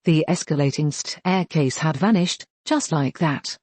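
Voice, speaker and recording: A text-to-speech voice narrating a fan fiction story, with an even, flat delivery and odd mispronunciations. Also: mid-range voice, a little slow, hardly any pauses, no echo.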